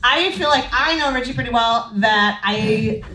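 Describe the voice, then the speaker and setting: A woman's voice: fairly high pitch, a little slow, over music. A woman, a comedian contestant, making wry, teasing jabs and laughing on a live comedy game show. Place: live comedy club stage. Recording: distant mic in an echoey club with crowd.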